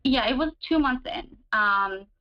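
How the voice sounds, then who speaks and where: A woman recounts a personal relationship story in relaxed, rambling conversation. She leans on fillers and restarts, and her voice leaps higher when she acts out alarming moments. The audio is a little dull and lo-fi. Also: unhurried. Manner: chatty, many fillers, relives moments with sudden higher pitch. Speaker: guest describing her relationship. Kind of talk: casual storytelling.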